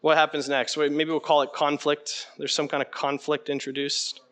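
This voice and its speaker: A man leading an interactive teaching session, conversational and animated, often putting questions to the room. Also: on the high side, normal speed. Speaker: preaching workshop instructor.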